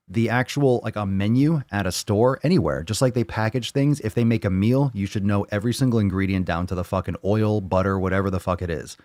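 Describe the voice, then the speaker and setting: A man's voice: on the low side, brisk, few pauses, a little mellow, no room sound, studio quality. A man hosting a live fitness Q&A stream from home, ranting in a blunt, fired-up, profane way. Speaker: fitness show host. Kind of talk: live Q&A stream, casual rant. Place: home on a video call.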